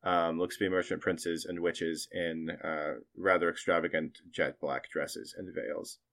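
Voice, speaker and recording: A man's voice: sits low, level tone, measured pace, a bit bright. A man narrating as game master of a tabletop game in a chatty way, laughing and using lots of fillers.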